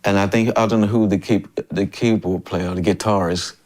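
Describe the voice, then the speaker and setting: A man's voice: fairly low pitch, fairly quick. Older man from memphis, laughing storyteller, mimics voices, casual interview. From Memphis, USA. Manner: animated, laughs often, acts out others' lines. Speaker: guest drummer.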